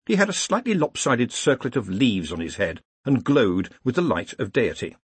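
A man reading an audiobook in a wry, expressive storytelling manner. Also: mid-range voice, moderate pace, breathy edge, dry recording. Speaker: audiobook narrator. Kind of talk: scripted narration.

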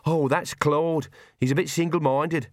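A man's voice: fairly high pitch, steady tone, a little slow, dry recording, clean studio sound, voice pushed up, natural voice. A man voicing a cheerful, earthy old woman witch in a storybook reading, chatty and chirpy.

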